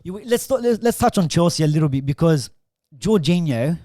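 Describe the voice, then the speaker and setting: A man, a bit higher-pitched than most men, chatting about football as a podcast co-host. He talks in excited bursts and drops sentences halfway through. The sound is dry and close to the mic. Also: a little fast, no echo. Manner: animated, excitable bursts, trails off mid-sentence. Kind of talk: casual football chat.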